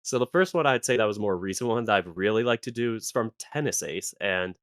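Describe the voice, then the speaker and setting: A man's voice: lowish voice, expressive, fast, no echo, studio quality. A man voice actor chatting on a podcast, enthusiastic and rambling. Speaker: voice actor guest. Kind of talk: casual podcast chat.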